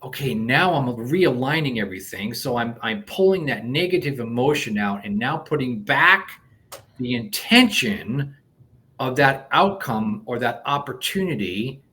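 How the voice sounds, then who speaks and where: A man being interviewed as a coach, explaining a technique step by step in an animated way, with frequent restarts. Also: mid-range voice, a little slow. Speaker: guest coach. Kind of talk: conversational interview.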